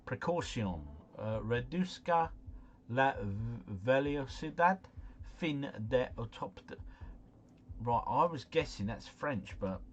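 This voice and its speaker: A man giving live gameplay commentary, chatty and excitable as he talks to his viewers. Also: mid-range voice, slow, slight background noise. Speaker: gaming livestreamer.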